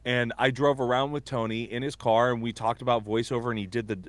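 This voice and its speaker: A man's voice: mid-range voice, flat delivery, fast talker, dry recording. A man who works as a voice actor telling stories in casual chat, rambling with many fillers and restarts. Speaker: voice actor guest.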